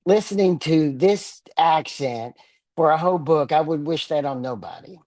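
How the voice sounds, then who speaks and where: An older man from the Texas Panhandle, a guest author, speaks with a Texan drawl in casual interview talk, plain and blunt with dry humor. His voice is fairly high, animated, a little mellow, and moderately paced. The recording is dry, close and dead with no room sound.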